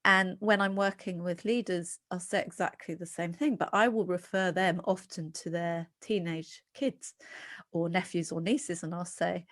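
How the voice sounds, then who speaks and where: A middle-aged British woman being interviewed as a psychologist, talking earnestly and animatedly with quick restarts. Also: lowish voice, steady tone, fairly bright tone. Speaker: guest psychologist. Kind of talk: podcast interview.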